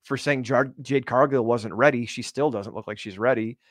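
Sarcastic profane podcast co-host. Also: male voice, mid-range voice, moderate pace, no room sound, clean studio sound. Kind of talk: casual podcast chat.

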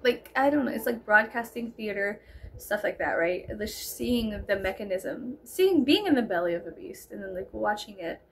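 A woman's voice: mid-range voice, lively intonation, moderate pace, gravelly. A woman vlogger with a Texan accent telling a rambling, giggly storytime, saying "like" constantly. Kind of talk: casual storytime.

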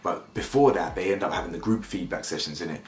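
Young man, low voice, slang-heavy opinionated recap, roomy echo. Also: fast. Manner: animated slang-heavy banter, mocking impressions. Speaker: reality show reviewer.

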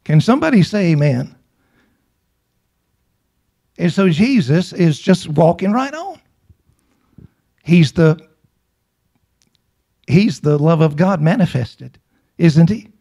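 A man's voice: on the high side, very animated, slow pace, gravelly, pauses often, dark tone, husky. A middle-aged man preaching a sermon emphatically, repeating himself and putting questions to the congregation.

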